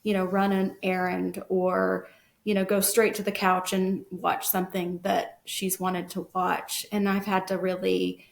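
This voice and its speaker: A woman's voice: fairly low pitch, a little slow, vocal fry. Earnest mother in an echoey room. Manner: earnest, animated storytelling. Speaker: guest parent. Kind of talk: casual podcast conversation.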